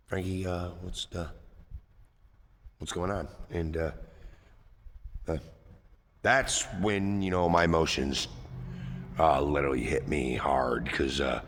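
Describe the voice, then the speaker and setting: Deep-voiced man telling a rambling story. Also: fairly bright tone, big-room sound. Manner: rambling, repetitive, with heavy fillers and frequent swearing. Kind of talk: personal storytelling.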